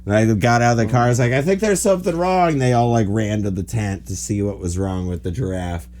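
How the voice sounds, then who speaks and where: A man's voice: fairly low pitch, brisk. A man in his forties, hosting a podcast and telling a long rambling story with lots of "like". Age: 40s. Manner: animated, rambling anecdotes full of "like". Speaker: podcast host. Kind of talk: casual storytelling chat.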